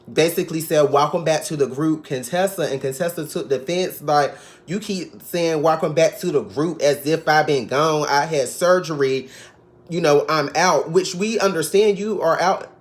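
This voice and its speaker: Sassy gossipy man recapping reality TV. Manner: sassy, gossipy, mimics cast members in high voices. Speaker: TV recap vlogger.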